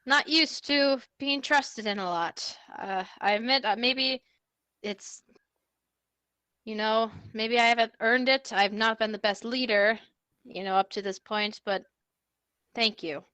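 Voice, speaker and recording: A woman's voice: fairly high pitch, measured pace, bright, forceful tone, dry recording. A woman speaking in character as a player in a tabletop game, earnest, formal and a little hesitant. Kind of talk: in-character tabletop role-play.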